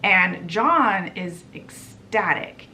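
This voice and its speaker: A woman's voice: on the low side, animated, drawn-out words, creaky, sharp tone, a little hiss or hum. A woman who runs a book vlog, giving a chatty, casual book summary and putting on voices for the quotes. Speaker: book vlogger.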